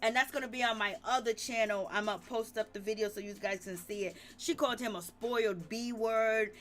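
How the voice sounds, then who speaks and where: A woman with a high voice runs a live-stream gossip recap for her viewers. She talks animatedly, breaks into laughter often, and keeps exclaiming to herself as she retells each scene. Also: fairly even intonation, a little fast, a bit bright. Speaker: reality TV commentary host.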